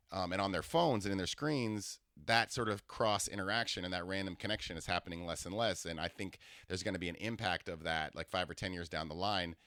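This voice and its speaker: A man's voice: sits low, a bit bright, no echo, studio quality. A man hosting a comedy podcast, telling stories in a rambling way and often breaking off mid-sentence. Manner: rambling, self-interrupting storytelling. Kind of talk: comedic solo monologue.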